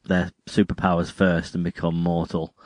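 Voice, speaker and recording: A young man hosts a podcast, chatting casually and teasing his co-host dryly. His voice is fairly low. The sound is close and dry, recorded in a parked car. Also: completely flat delivery, normal speed, a little mellow, dry recording. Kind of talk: casual chat.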